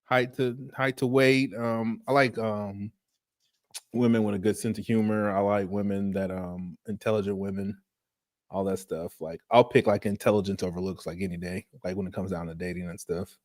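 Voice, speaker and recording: A man's voice: on the low side, steady tone, moderate pace, a little mellow, no echo, clean studio sound. A man in casual podcast chat, talking in a laid-back way with lots of "like" and "um". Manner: laid-back, frequent "like" and "um" fillers.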